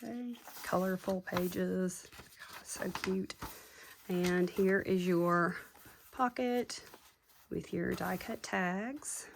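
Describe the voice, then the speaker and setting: A woman talks slowly and warmly through her crafts, gushing at every detail. Her lowish voice has a gravelly edge, and a faint background hiss sits under the recording. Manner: gushing, chatty, addresses viewers as y'all. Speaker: craft seller showing handmade junk journals. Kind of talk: casual show-and-tell chat.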